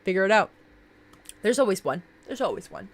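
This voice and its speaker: A woman chats on a live stream in a casual, gushing way, laughing often and swearing freely. Her pitch swoops up and down with lively energy, and she sits in a middle register. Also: a little fast.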